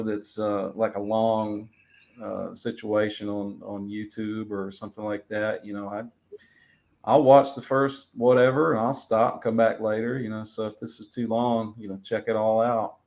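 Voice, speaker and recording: A man, a musician guest from the United States, talking in a relaxed, rambling way with many fillers. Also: on the low side, moderate pace, creaky. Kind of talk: casual interview.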